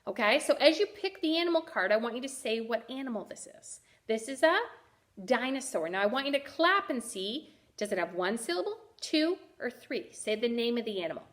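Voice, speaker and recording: A woman teacher giving a first-grade reading lesson, sounding out letters clearly and praising the children. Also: fairly high pitch, expressive, brisk, a bit bright. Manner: encouraging.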